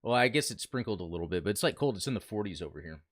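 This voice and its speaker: Male stream host, casual and chatty, animated pitch, dry close sound. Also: racing, no echo. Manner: chatty, greets viewers, thinks aloud. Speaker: livestream host. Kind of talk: casual livestream chat. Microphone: desk mic he talks into.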